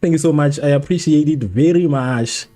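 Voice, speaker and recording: A man's voice: fairly high pitch, moderate pace, dark tone, faint music behind. A man hosting a live football watchalong, reacting to the match and arguing with viewers in the chat while repeating himself. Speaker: livestream host.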